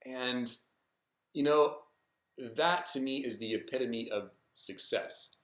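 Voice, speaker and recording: A man's voice: medium pitch, takes it slowly, fairly bright tone. A man vlogging a personal story in a casual, hesitant way, full of ums and restarts. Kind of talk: rambling personal story to camera. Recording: echoey room.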